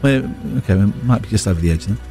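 A man's voice: lowish voice, lively intonation, very fast, warm tone, soft background music. A man hosting a casual morning radio show, bantering in a playful, mock-indignant way. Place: radio studio. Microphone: studio microphone.

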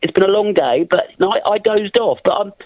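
A man's voice: sits high, animated, fairly quick, dry recording. A male caller on a radio phone-in who speaks in stiff, formal, wordy phrases. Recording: dull phone-line sound.

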